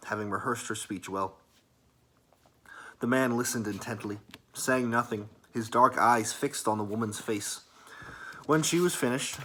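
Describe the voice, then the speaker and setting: A man reads a story aloud in a soft, calm ASMR style. His voice is bright and crisp, with a mid-range pitch. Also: a little hiss or hum. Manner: calm, soft and even narration.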